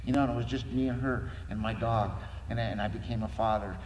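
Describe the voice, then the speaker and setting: A man's voice: medium pitch, steady tone, quick pace, a little mellow. A middle-aged man giving a personal recovery testimony, earnestly telling his story and acting out the dialogue in it. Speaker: recovery meeting speaker. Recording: echoey hall with noise.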